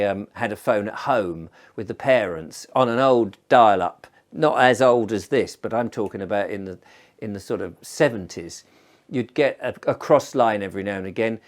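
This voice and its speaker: A man's voice: on the low side, lively intonation, moderate pace. A middle-aged man spins a tale in an easygoing, rambling voice. He often restarts his sentences as he goes, like someone chatting across a table. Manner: conversational, rambling, frequent restarts. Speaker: storyteller host. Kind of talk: chatty spoken storytelling.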